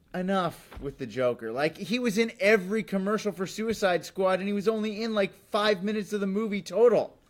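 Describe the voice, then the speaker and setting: A male host delivering a comic monologue with sarcastic, jokey asides. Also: sits high. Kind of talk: comedic talk show monologue.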